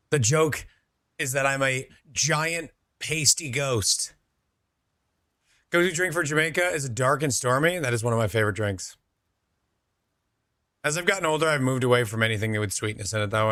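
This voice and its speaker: A young man streams a game and chats casually with viewers, laid-back as he reads out their messages and answers them. His medium-pitched voice has a sharp tone, with no echo and studio-quality sound.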